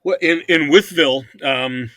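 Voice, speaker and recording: An older man talks at length about running his hockey teams, his voice bright and forceful. He rambles and stumbles over repeated words in a casual interview. The sound is dry and close, with no room around it. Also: a little high, moderate pace, dry recording. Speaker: hockey team owner.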